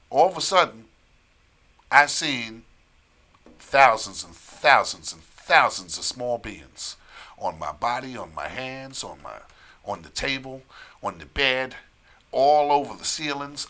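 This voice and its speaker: A man telling a long story in casual chat on a live stream, animated, repeating phrases and laughing often. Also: medium pitch.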